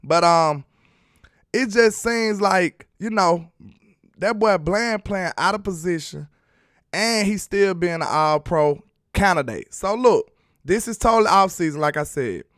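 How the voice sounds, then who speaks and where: A man's voice: high voice, expressive, unhurried, fairly bright tone, no room sound, clean studio sound. A man casually breaking down football film on a live stream, chatty and laughing as he teases his viewers. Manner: chatty, laughing, teasing the chat. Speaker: sports film-study streamer.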